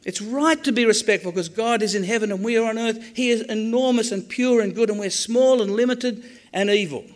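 A man preaching a sermon on the Psalms, animated, acting out quoted prayers with jokey asides. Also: high-pitched, fairly quick.

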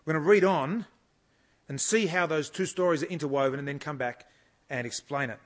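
A man giving an expository sermon at a conference, reading scripture slowly and pausing to explain it with measured emphasis. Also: a little high. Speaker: conference speaker teaching the Bible.

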